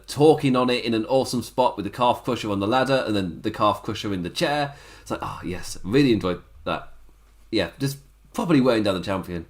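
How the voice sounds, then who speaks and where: A man, hosting a podcast and giving a casual, rambling wrestling recap, laughing often. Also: medium pitch. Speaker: podcast host.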